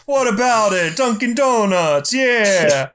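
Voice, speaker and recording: A podcaster putting on a mocking impression of a loud, whiny male comedian with a Boston accent. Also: medium pitch, animated, slow pace, voice pushed up.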